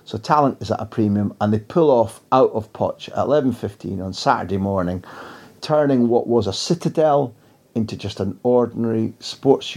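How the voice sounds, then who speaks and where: A man's voice: fairly low pitch, a little mellow. A man telling anecdotes as a guest in a casual interview, in a rambling, wry way.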